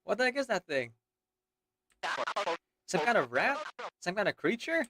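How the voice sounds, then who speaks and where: A woman streamer reacting loudly and playfully while playing a game, out of breath. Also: medium pitch, normal speed, slight background noise. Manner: animated, exclamatory, playful. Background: music.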